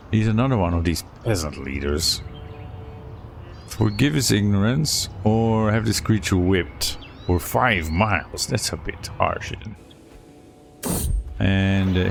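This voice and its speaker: A man's voice: on the low side, takes it slowly, vocal fry, long pauses, slight background noise. A man playing a strategy game, reading event text aloud with a storyteller's lilt and muttering asides between events. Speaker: let's play streamer.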